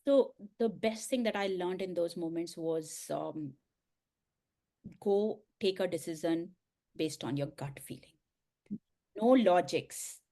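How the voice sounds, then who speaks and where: A woman's voice: lowish voice, slow, pauses often. Earnest middle-aged woman telling her story. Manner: earnest, emotional storytelling with soft laughs. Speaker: guest, coach and speaker. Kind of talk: personal story in an interview.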